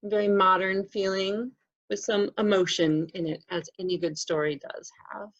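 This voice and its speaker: Middle-aged librarian lady chatting about books, gravelly voice, kinda muffled lo-fi audio. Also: mid-range voice, steady tone, moderate pace. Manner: friendly, chatty, laughs often. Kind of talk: casual book unboxing chat. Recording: muffled lo-fi sound.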